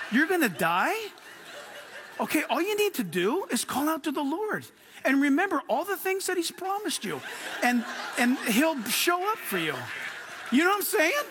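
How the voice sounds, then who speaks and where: A man delivers a pastor's sermon in a fairly high register. His tone is bright and forward, and he tells stories in a lively way with frequent laughter. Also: a little hiss or hum. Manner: lively storytelling, laughs often.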